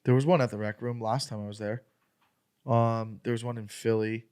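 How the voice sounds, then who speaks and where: A man who is a comedian, telling a story as a podcast guest in an animated, profane way and acting out an argument. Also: fairly low pitch, normal speed, crowd noise.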